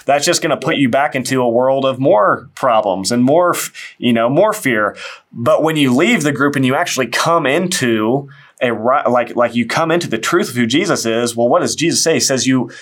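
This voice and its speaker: A man's voice: mid-range voice, animated, moderate pace, fairly bright tone. A man hosting an interview, talking earnestly and encouragingly about faith, with many restarts. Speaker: interviewer, show host. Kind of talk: casual faith conversation.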